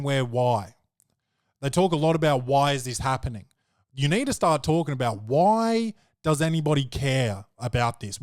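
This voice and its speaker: A man's voice: fairly high pitch, no echo, studio quality. Rambling, profane male podcast host. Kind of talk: casual chat.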